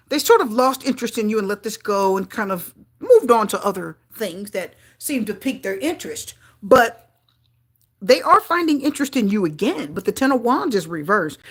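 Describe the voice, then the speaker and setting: A woman giving a live tarot reading to her viewers, talking in an excitable way with frequent exclamations. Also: a little high. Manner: excitable, gasping and exclaiming at cards. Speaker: tarot reader.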